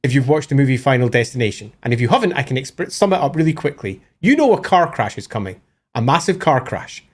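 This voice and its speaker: A man co-hosting a live lore stream, excitable and swearing, acting out scenes as he explains. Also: medium pitch, quick pace.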